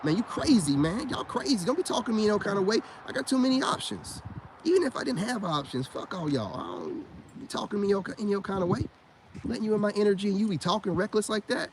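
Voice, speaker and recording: A man's voice: high-pitched, sing-song, fast talker, background noise. A middle-aged man ranting in a profane, boastful monologue full of street slang. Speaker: online commentator.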